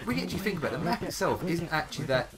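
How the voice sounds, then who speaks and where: A young man with an English accent giving casual, chatty commentary over game clips, swearing freely and handing out quick praise. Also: fairly high pitch, big pitch swings. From England. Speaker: gaming YouTuber. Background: background music.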